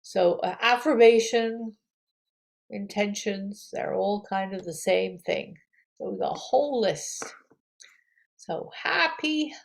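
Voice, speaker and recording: A woman yoga teacher gently leading affirmations and breathing for a guided meditation. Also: mid-range voice, creaky. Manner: gentle, slow, encouraging, with audible breaths.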